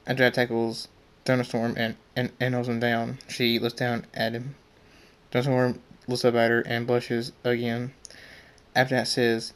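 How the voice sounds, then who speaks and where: A man's voice: medium pitch, monotone, normal speed, clear, resonant tone. A young man casually reading his own story aloud, stumbling and restarting often.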